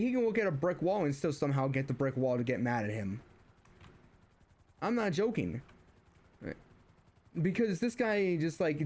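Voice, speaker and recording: Fairly high in pitch but darkish in tone, a young streamer launches into a casual rant about family. It's rambling, full of fillers and restarts, and climbs when he's riled up.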